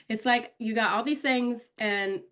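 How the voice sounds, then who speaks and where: Woman running a live social media training, chatty, keeps naming viewers, slightly high voice. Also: slow pace, a bit bright. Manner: chatty, calls out viewers by name.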